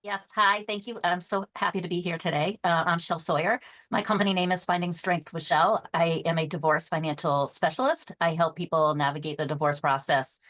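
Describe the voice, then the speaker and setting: Low-voiced friendly woman on a call. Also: steady tone, fairly quick, a bit bright. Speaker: guest, divorce financial specialist. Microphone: video call.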